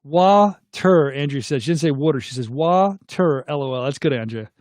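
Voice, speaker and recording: A man's voice: a little high, moderate pace, a little mellow, dry recording, clean studio sound. A middle-aged man, hosting a casual livestream, reading viewer comments aloud and asking viewers to weigh in. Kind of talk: casual live chat.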